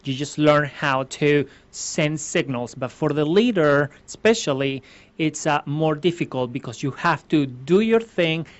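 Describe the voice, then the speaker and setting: This Venezuelan ballroom dance teacher speaks on the higher side, sounding animated but keeping a measured pace. He earnestly answers interview questions, explaining each step and frequently starting over. The audio is lo-fi and a little muffled.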